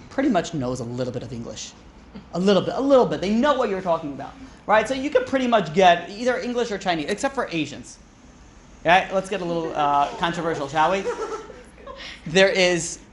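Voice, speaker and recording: A man's voice: high-pitched, slight background noise. A man, a rabbi, teaching an informal class in a chatty, joking way, often asking "right?" and "you know".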